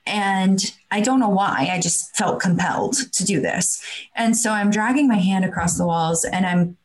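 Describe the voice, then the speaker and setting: A woman's voice: medium pitch, normal speed, low-quality recording. Chatty woman telling a story. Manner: chatty, many fillers and restarts. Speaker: podcast guest. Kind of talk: casual storytelling. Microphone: video call.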